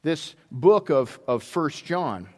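A man preaching a sermon in a church, telling a story with many halting restarts. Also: fairly high pitch, sing-song. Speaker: pastor. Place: church sanctuary. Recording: long hall reverb.

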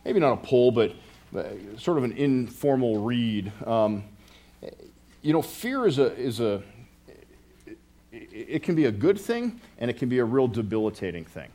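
Middle-aged pastor, rambling and joking. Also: male voice, mid-range voice, very animated, measured pace, dark tone. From United States. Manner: rambling, self-interrupting, with joking asides to the congregation. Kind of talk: casual conversational sermon.

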